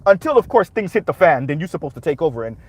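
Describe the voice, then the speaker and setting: A man's voice: a little high, very animated, fast talker, dry recording. A man hosting a reaction commentary, talking emphatically and punctuating his points with rhetorical "right?"s. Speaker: commentary channel host.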